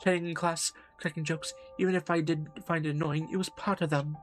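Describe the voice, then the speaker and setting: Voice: mid-range voice, steady tone, fairly quick, soft background music, lightly acted. A streamer voicing a kind, weary female professor in a put-on posh manner while playing a narrative game. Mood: worried. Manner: attempted posh accent.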